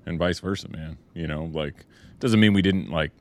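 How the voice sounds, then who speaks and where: Low-voiced man in easy chat. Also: normal speed. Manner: relaxed, reflective, frequent "like" and "you know". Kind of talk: casual chat.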